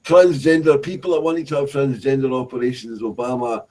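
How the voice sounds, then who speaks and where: A man's voice: medium pitch, steady tone, brisk, warm tone. Crude, joking man on a livestream. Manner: crude, profane joking banter. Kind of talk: casual livestream chat.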